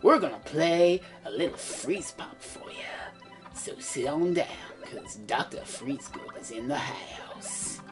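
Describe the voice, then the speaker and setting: A woman's voice: deep voice, big pitch swings, a little slow, in a whisper, over music. A woman putting on a laid-back male radio DJ. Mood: hammy.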